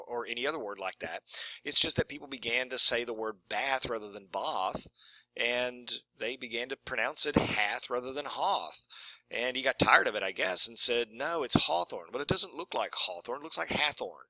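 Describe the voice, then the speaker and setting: A man's voice: medium pitch, sharp tone, no echo, low-quality recording. A man giving a university lecture in a conversational way, often checking in with "okay?" and "right?".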